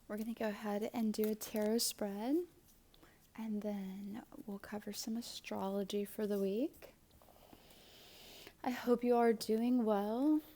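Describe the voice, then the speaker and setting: A woman giving a spiritual tarot reading and prayer in a soft, often half-whispered voice, her mouth a little swollen after dental work. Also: medium pitch, fairly even intonation, a little slow, slight background noise. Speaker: tarot reader and astrologer.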